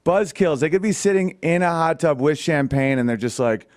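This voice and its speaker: Deadpan male comedian co-host. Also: fairly high pitch, normal speed. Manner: deadpan one-liners. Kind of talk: studio banter. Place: studio.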